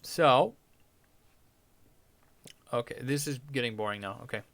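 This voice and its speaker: A man's voice: mid-range voice, measured pace, fairly bright tone, dry recording. A young man hosting a podcast, reading news stories aloud and reacting with crude, irreverent jokes. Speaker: podcast host.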